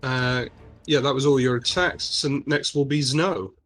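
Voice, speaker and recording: A man's voice: mid-range voice, fairly even intonation, a little slow, fairly bright tone, faint music behind. A man as game master of a tabletop game, patiently explaining rules with frequent restarts. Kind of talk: running a tabletop game online.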